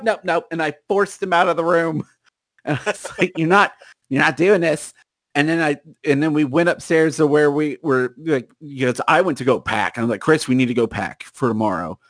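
A young man in casual chat, telling a story in an animated way and acting out his friends' lines. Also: on the high side, no echo, clean studio sound.

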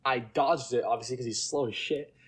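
A man's voice: mid-range voice, fairly quick, background noise. A young man co-hosting a casual podcast, telling a long rambling story and checking in with "right?" as he goes. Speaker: podcast co-host. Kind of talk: casual chat.

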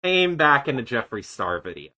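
A man co-hosting a casual commentary podcast, his voice bright and a little sharp. He rambles, swears freely and lets his sentences trail off. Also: mid-range voice, very animated, moderate pace, poor audio. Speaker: podcast co-host.

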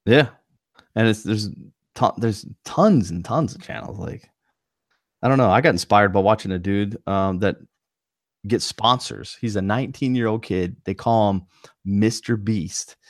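A man with a very deep voice, co-hosting a laid-back podcast. He rambles, trips over his words and fills gaps with "like" and "you know". The sound is dry and close, with no room echo. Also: a little slow. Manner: rambling, lots of fillers and restarts. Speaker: podcast co-host, streamer. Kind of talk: casual podcast chat. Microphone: video call.

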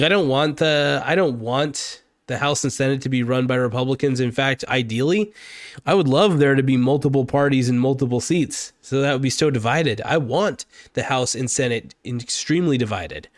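A man rants into a close mic, angry and rambling, swearing often. His voice sits in a middle pitch and sounds dry, with no room echo at all. It is an unscripted, heated vlog monologue. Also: moderate pace. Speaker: political vlogger. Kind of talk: unscripted political rant.

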